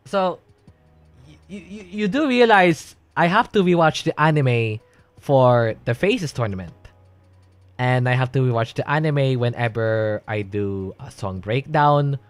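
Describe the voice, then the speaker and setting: A man's voice: medium pitch, dry recording. A young man chatting casually on a livestream, reading and answering chat in a rambling way and laughing often. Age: young adult.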